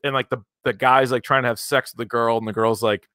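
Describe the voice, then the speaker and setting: A man's voice: mid-range voice, little pitch movement, fast, few pauses, pushed and bright, dry recording, clean studio sound. A man chatting casually as a podcast co-host, eager and swearing now and then. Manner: enthusiastic, swearing. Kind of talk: casual chat.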